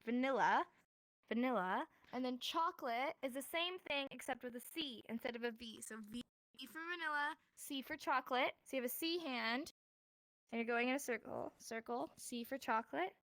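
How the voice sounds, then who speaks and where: A woman's voice: fairly high pitch, moderate pace, creaky, a bit bright, dry recording. A woman teaching a casual online class, explaining step by step in an upbeat, joking way. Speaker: sign language teacher.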